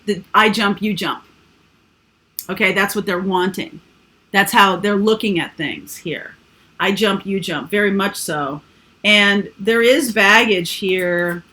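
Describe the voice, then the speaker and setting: A woman's voice: mid-range voice, fairly bright tone. A woman giving a casual, rambling tarot reading full of fillers and asides. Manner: chatty, rambling, with frequent fillers. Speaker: tarot reader.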